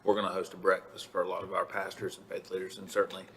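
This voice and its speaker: A man, a county official, giving halting, measured remarks at a public meeting. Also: low-pitched, monotone, fairly bright tone, slight background noise. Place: county board meeting room.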